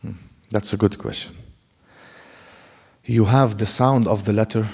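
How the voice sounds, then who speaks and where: A man's voice: on the low side, fairly even intonation, measured pace, gravelly, a little mellow, slightly rough, long reverb tail. A man teaching a classroom lecture, explaining carefully, demonstrating sounds himself and asking the class rhetorical questions. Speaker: Quran recitation teacher. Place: mosque classroom.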